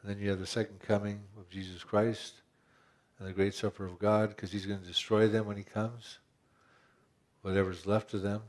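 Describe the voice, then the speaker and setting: A man's voice: on the low side, little pitch movement, normal speed. A man pastor preaching a conversational sermon, asking rhetorical questions and often restarting his phrases.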